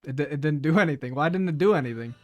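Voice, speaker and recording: A male streamer chats casually with his live audience, often laughing and stumbling over repeated words. His voice sits a little high. Soft music plays faintly behind him. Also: very fast.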